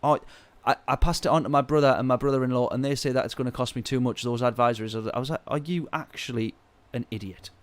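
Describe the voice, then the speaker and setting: A man's voice: mid-range voice, steady tone, fast talker, hardly any pauses, clean tone. Exasperated man ranting on a stream. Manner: ranting, exasperated storytelling with sudden loud outbursts. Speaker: sim-racing streamer. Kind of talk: casual live-stream chat.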